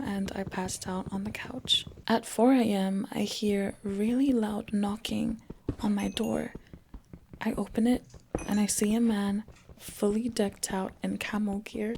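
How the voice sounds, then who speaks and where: Female channel host reading stories over a game, slow delivery, creaky low edges, chatty with soft hushed stretches. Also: a little hiss or hum. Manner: chatty, laughs between lines, drops into soft whispered passages. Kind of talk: reading online stories aloud over gameplay.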